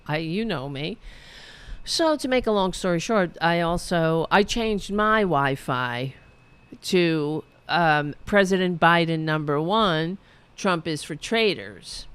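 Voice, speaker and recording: A woman's voice: on the low side, a bit bright, clean tone. A woman hosting political commentary, ranting in a profane, sarcastic and heated way and reading out viewer chat. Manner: reads viewer chat aloud.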